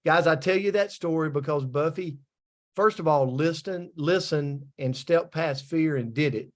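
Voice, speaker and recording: Animated storytelling man. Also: on the high side, unhurried. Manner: animated, builds to a point. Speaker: business team leader. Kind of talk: motivational storytelling.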